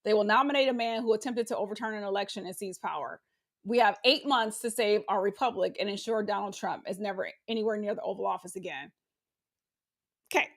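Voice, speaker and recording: A woman's voice: medium pitch, brisk, vocal fry. A woman co-hosting a podcast, chatting casually about politics, laughing often, swearing and reading quotes aloud. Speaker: podcast co-host.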